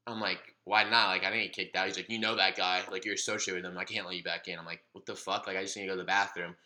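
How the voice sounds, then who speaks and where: A man's voice: low-pitched, very fast. A young man co-hosting a casual podcast, telling a story with lots of swearing and acted-out quotes. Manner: animated, swearing, acts out quoted dialogue. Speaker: podcast co-host.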